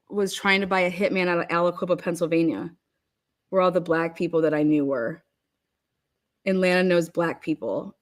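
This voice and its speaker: A woman telling stories in casual chat, swearing freely, laughing often and filling her talk with "like". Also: fairly low pitch. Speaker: online commentator. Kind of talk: casual profane storytelling.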